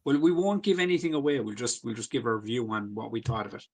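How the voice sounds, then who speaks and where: A man's voice: medium pitch, lively intonation, fast talker. A man, co-hosting a podcast in loose, sweary casual chat full of fillers. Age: 40s. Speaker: podcast co-host.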